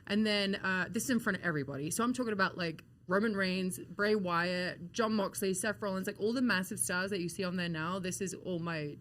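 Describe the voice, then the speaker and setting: A young adult woman, a pro wrestler, telling a story in a casual interview, animated and chatty, swearing freely and peppering her talk with "like". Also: mid-range voice, fairly quick, hardly any pauses.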